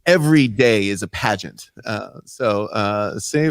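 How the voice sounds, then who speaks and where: A man's voice: fairly low pitch, animated, no room sound, studio quality. A man in his thirties, a comedian guest joking around in casual podcast banter. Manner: joking, playful, quick asides.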